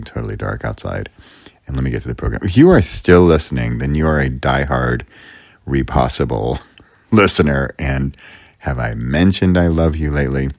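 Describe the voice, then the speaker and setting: A man talking alone on his podcast in a very deep, gravelly voice with a husky edge, close and dry. He rambles and sidetracks, cutting himself off and poking fun at himself as he goes. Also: lively intonation, moderate pace, a little mellow, no room sound. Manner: rambling, self-interrupting, chatty; playful and self-mocking. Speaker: podcast host. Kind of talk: casual solo podcast monologue.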